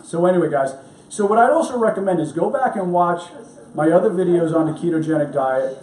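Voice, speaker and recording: A middle-aged New York doctor who hosts a health show chats in his home kitchen, his high voice expressive, a little fast and a little mellow. The casual cooking and health talk is chatty, rambling and upbeat, recorded off-mic from a distance in an echoey room with slight background noise.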